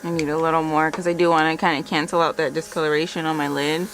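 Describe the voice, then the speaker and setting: Low-voiced chatty woman vlogger. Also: little pitch movement, fast talker, fairly bright tone, slight background noise. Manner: chatty, laughs often, filler words like "like" and "kinda". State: a bit out of breath. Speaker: makeup vlogger. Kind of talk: casual talk-through tutorial.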